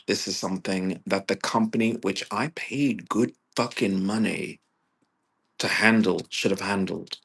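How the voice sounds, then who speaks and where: A man vlogging a profane, exasperated personal rant that swings between low mutters and loud bursts. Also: gravelly.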